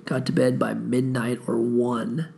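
A man's voice: medium pitch, level tone, unhurried, creaky, dark tone, slightly rough. A tired man hosting a podcast, telling a long story in a laid-back, profane, rambling way. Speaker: podcast host. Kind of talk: casual rambling monologue.

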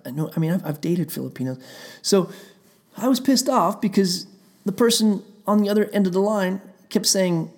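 A man's voice: high-pitched, normal speed, darkish tone. A man telling a heated, rambling story in a casual rant, swearing often and circling back on himself. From Pennsylvania.

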